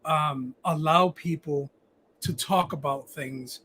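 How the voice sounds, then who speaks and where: Male podcast host, high husky voice, profane and rambling, stammers a lot. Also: slow pace, bright, forceful tone. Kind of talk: casual live-stream chat.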